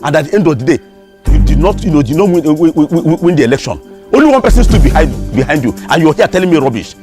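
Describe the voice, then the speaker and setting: A man's voice: fairly high pitch, animated, fast talker, lightly acted. A man with a Nigerian accent playing a scornful landlord in a comedy skit, insulting and scolding. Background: music.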